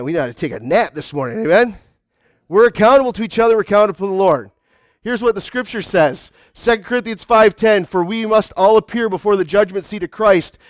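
A man's voice: high-pitched, no echo, studio quality. A man preaching a conversational sermon to a congregation, often calling out to the crowd. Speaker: pastor.

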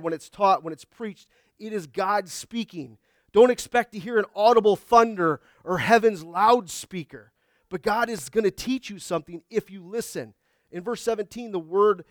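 A man's voice: sits high, no echo, clean studio sound. A middle-aged man giving a conversational sermon, mixing scripture with homey jokes and acted asides. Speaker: preacher.

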